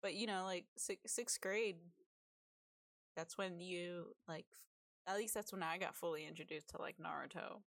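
A woman's voice: fairly low pitch, moderate pace, gravelly, fairly bright tone, dry recording, studio quality. A woman co-hosting a podcast, talking casually in a rambling way, with restarts and casual swearing. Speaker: podcast co-host.

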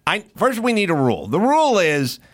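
Animated, swearing male storyteller. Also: high-pitched, fairly quick. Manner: animated, profane storytelling with acted-out quotes. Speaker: comedian guest. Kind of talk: casual podcast storytelling.

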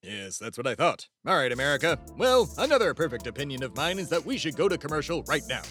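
A young Texan podcast host rambles and stumbles through a mock-pompous rant on his satirical comedy podcast. His fairly high voice is sing-song and fairly bright, he talks quickly, and faint music plays behind him.

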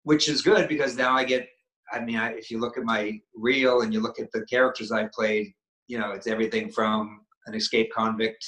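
A middle-aged man with a Maine accent talks in a halting, restarting way. His voice is forceful and bright. It is recorded with a roomy echo. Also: medium pitch, level tone. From Maine, USA. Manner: halting, many restarts and fillers. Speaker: guest actor. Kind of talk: casual interview chat.

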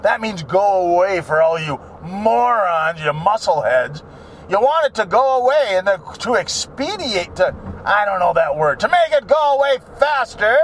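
A man's voice: sits high, a little hiss or hum. A man rambling in a monologue, ranting and swearing, mocking people by putting on their voices. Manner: ranting, profane, mocks people in put-on voices.

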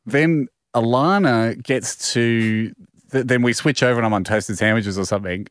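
A man's voice: mid-range voice, normal speed, no echo, studio quality. A man in his thirties with an Australian accent, co-hosting a podcast and telling a rambling comedic anecdote full of restarts. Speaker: podcast co-host. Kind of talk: casual comedic storytelling.

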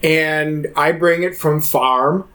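A man's voice: fairly high pitch, takes it slowly. A man co-hosting a podcast, casually retelling a documentary and acting out the people in it with lots of restarts. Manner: animated storyteller, quotes people in voices, many restarts. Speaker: podcast co-host. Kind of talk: casual chat, retelling a film.

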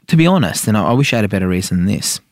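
Fast-talking man, rambling. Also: lowish voice, sing-song, no echo, clean studio sound. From Iran. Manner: rapid, rambling, heavy fillers, asks "right?" often. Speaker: senator and podcast guest. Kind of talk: casual interview chat.

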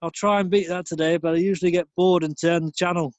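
A man's voice: high-pitched, fairly even intonation, fast talker, dull audio, background noise, close to an everyday voice. A man voicing a chatty northern English pub regular who rambles through bad jokes on a taped message. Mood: jovial. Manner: rambling, pun-telling, beery banter.

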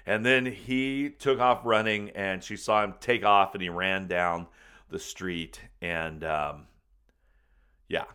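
Low-voiced man telling a comic story. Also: takes it slowly, clean tone. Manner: animated, bursts into loud excited retelling; folksy, says man and buddy.

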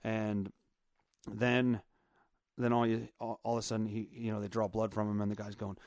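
A man hosting his own podcast, telling a long story in a rambling, profane, animated way. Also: lowish voice, normal speed, no echo, studio quality. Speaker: podcast host. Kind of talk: casual storytelling monologue.

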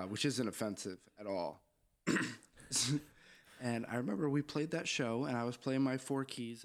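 A young man from Southern Maine and band member, joking and laughing as he tells stories in a casual chat. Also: medium pitch. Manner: lively, joking, laughs often.

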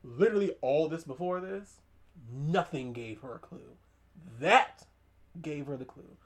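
A woman hosting a podcast, recapping a horror movie in casual chat, animated and emphatic, with slang and side comments. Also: low-pitched, normal speed. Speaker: podcast host.

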